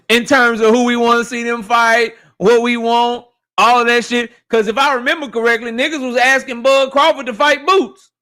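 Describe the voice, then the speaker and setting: A man's voice: extremely high pitch, flat delivery, unhurried, sharp tone. A man hosting a casual boxing livestream, ranting animatedly and profanely while reading chat messages.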